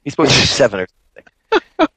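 A man's voice: mid-range voice, wildly swooping pitch, racing, a bit bright, slightly rough, no echo. A man hosting a podcast, ranting animatedly in casual chat. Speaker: podcast host.

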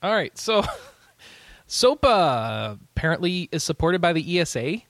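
A man hosting a casual podcast, reacting with incredulous questions and quick comments. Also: on the high side, sing-song, gravelly, a bit bright, no room sound. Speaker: podcast host.

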